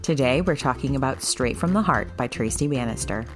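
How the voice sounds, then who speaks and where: A woman's voice: very deep voice, lively intonation, brisk, faint music behind. A woman co-hosting a book club podcast in casual chat, wry and chatty with frequent laughs. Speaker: podcast co-host.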